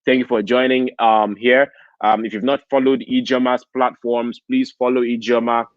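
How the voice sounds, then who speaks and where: Speaking at a convention, this Nigerian man delivers a preachy motivational address and keeps checking in with "okay?" His mid-range voice stays level in tone at a normal speed, with no room sound on the dull, lo-fi recording.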